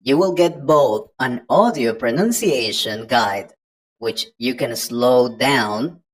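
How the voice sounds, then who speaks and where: A woman's voice: a bass voice, animated, slow, poor audio. A woman giving an online English pronunciation lesson, patiently explaining step by step to the learner. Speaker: English teacher.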